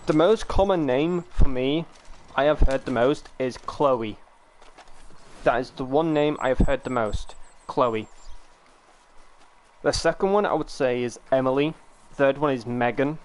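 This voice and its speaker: A man's voice: mid-range voice, a little slow, a little hiss or hum. A young man from the United Kingdom, chatting casually and rambling to his viewers while streaming a game. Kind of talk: casual live-stream chat.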